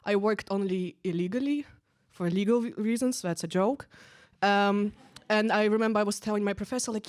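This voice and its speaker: A young woman telling a stand-up story into a stage mic, loose and conversational, full of little "like"s and "um"s. Her voice sits at an ordinary middle pitch. The sound is dry and close, with almost no room echo. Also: fairly even intonation, moderate pace, darkish tone. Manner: casual, chatty, full of "like" and "um". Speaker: stand-up comedian. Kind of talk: stand-up comedy set. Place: stage at a live event.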